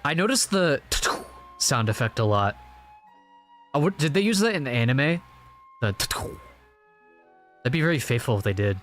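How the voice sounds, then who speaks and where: A man reacting casually to a comic, talking fast and offhand. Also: mid-range voice, big pitch swings, soft background music. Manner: fast, offhand, swears and laughs. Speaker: channel host reacting to a comic.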